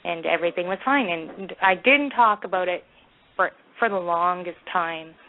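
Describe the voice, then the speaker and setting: A woman with a Canadian accent calls in to a talk radio show and tells her story in a chatty, laughing way. Her voice sits a bit low. It comes through a thin, tinny phone line. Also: moderate pace, a little hiss or hum. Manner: chatty, laughs between phrases. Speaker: caller. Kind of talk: telling a personal story on a call-in show.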